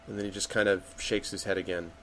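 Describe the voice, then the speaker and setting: A man's voice: low-pitched, level tone, fast, fairly bright tone. A man narrating a tabletop game as game master, with loose delivery full of fillers, voicing the characters' lines himself.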